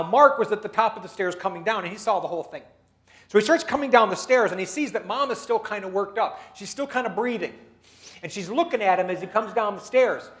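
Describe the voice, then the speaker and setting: A keynote speaker with a notably high voice for a man, telling workplace anecdotes to a dinner crowd. He acts out each person's lines with lively turns and punchlines. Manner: animated storyteller acting out dialogue. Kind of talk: storytelling business talk. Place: dinner meeting room.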